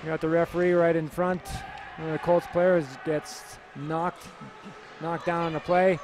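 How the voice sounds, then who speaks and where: A man doing relaxed, filler-heavy play-by-play commentary for a youth hockey game. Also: a little high, measured pace, noisy background.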